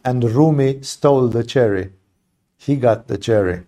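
Passionate spiritual teacher, warm-voiced man. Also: mid-range voice, a little slow. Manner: impassioned, blunt, swears, rhetorical asides. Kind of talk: satsang talk on poetry.

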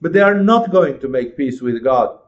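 A man's voice: medium pitch, lively intonation, moderate pace. Passionate male spiritual teacher, lo-fi. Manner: passionate, rhetorical questions, acts out inner voices. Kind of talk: sermon-like lecture.

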